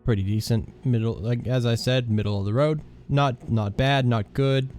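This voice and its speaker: Dude running a tabletop game, rambly, lots of uhs and restarts. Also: male voice, mid-range voice, normal speed, a little mellow, soft background music. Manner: loose, lots of filler words and restarts. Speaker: game master.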